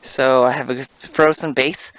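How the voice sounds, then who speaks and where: A man's voice: mid-range voice, steady tone, measured pace, fairly bright tone, no room sound, rough recording. A man from Canada narrating a casual outdoor vlog in a snowy forest, talking through each task and marveling at the scenery. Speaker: vlogger.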